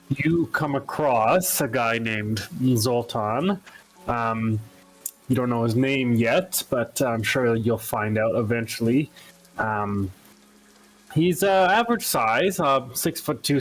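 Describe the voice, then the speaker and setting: A man's voice: mid-range voice, a little hiss or hum, poor audio. A man playing a tabletop game, describing his character hesitantly with many ums. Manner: slow, hesitant, lots of ums. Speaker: player.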